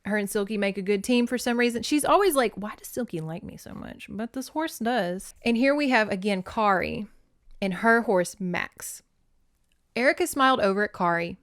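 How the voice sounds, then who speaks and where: A woman's voice: medium pitch, moderate pace, a bit bright, no echo, studio quality. A woman hosting a casual book recap, chatting, swearing and laughing as she retells the story. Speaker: host reviewing books.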